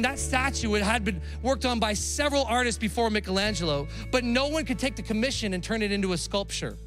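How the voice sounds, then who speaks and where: Guy preaching, chatty, calls out to the room, kinda high voice. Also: fairly bright tone. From Canada. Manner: conversational preaching with call-outs to the congregation. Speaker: pastor. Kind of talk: sermon.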